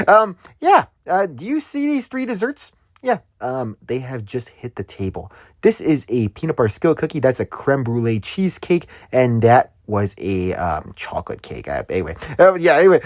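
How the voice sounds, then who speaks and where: Guy doing a food review voiceover, super excitable, voice jumps all over, dry close sound. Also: mid-range voice, dry recording. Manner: excitable, gushing, lots of fillers. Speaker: food vlogger.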